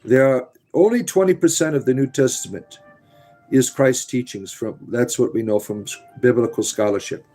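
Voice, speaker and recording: A man's voice: mid-range voice, moderate pace, warm tone, soft background music, rough recording. Preachy man with a theatrical accent. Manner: frequent "uh" fillers, emphatic preaching. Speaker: livestream host answering chat. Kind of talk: casual live chat.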